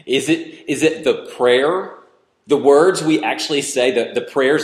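A man's voice: medium pitch, measured pace. A man, preaching a sermon in a conversational way and teasing the congregation with questions. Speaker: pastor. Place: church hall with congregation. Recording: echoey church hall.

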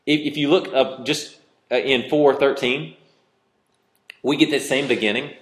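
A man's voice: medium pitch, steady tone, a little slow, pauses often, roomy sound. A man preaching a sermon, reading scripture aloud and arguing over it with growing intensity. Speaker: pastor.

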